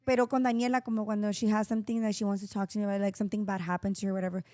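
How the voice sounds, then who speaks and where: A middle-aged woman co-hosting a podcast, chatting casually and expressively, with quick bursts of laughter. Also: medium pitch, little pitch movement, a little mellow, no room sound, studio quality. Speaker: podcast co-host and mother. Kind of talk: casual chat.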